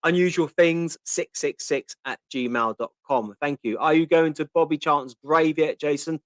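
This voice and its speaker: A man's voice: on the high side, moderate pace, a bit bright, no room sound. A man in his fifties with a Portsmouth accent, hosting a casual live-stream Q&A, chatting and reading out viewer questions with lots of ums. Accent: Portsmouth (Pompey). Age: 50s. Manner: chatty, answers viewer questions, reads comments aloud with many ums. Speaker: host.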